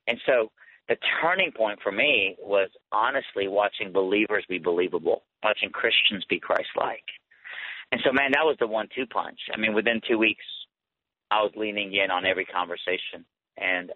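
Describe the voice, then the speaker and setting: Man, earnest personal testimony, conversational storytelling, somewhat low voice, tinny phone-line sound. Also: moderate pace, no echo. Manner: earnest, conversational, rising with emotion. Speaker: guest speaker and author.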